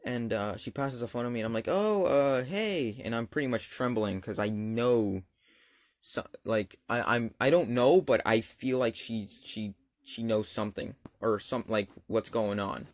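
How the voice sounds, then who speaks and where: A man's voice: lowish voice, moderate pace, no echo, clean studio sound. A young man casually telling a personal story over gameplay, rambling and slangy with lots of fillers. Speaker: gaming channel storyteller.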